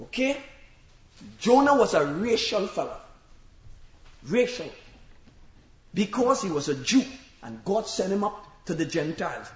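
A man preaching a sermon, telling the story dramatically and shouting at times for emphasis. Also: high-pitched, measured pace, long pauses, reverberant, highs cut off. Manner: animated storytelling, acting out voices and shouting for emphasis.

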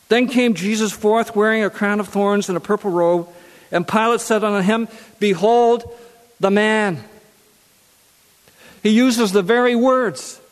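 A man's voice: sits high, big-room sound. A man preaching a sermon who reads scripture aloud and then repeats key phrases for emphasis.

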